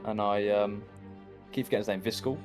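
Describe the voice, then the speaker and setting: A man's voice: fairly low pitch, steady tone, brisk, soft background music. A man playing in a tabletop game, casual and jokey. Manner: jokey, laughs often. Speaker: player.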